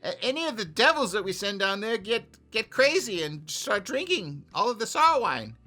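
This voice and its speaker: A man's voice: sits high, sing-song, normal speed, pushed and bright, voice pushed up, exaggerated voice. A man voicing a scheming devil baron who pleads for help in a tabletop game. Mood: complaining.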